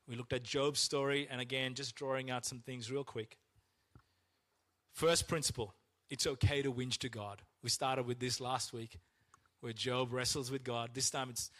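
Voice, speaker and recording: A man preaching a sermon as pastor, acting out complaints to God in a raised, strained voice. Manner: animated, acts out complaints to God in a high strained voice.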